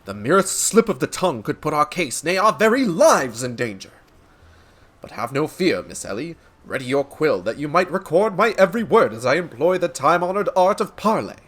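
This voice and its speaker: A man reading game dialogue aloud as a pompous, grandiose gentleman inspector with flowery, theatrical speech. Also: fairly high pitch, sing-song, moderate pace, voice pushed up.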